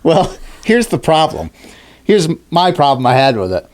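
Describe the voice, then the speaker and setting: A man co-hosting a casual podcast chat, swearing freely and acting out people he talks about in shrill mock voices. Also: normal speed. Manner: animated, swearing, acts out high-pitched shrieking quotes. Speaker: podcast co-host.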